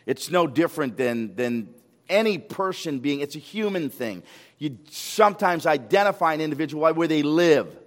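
A man preaching a sermon as a pastor, animated, firing rhetorical questions and repeating words when he gets excited. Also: on the high side, normal speed. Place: church sanctuary. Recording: long hall reverb.

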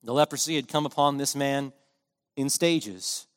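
A man's voice: medium pitch, unhurried, clean tone, in a large hall. A man preaching a sermon in an earnest, impassioned way, driving his points home with emphatic repetition.

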